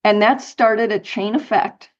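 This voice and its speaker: A middle-aged woman recounts her travels as an interview guest, animated and given to light laughs. Her voice sits at a middle pitch. The recording sounds dull and lo-fi. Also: measured pace. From United States, Colorado. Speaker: guest, author and speaker. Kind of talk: storytelling interview.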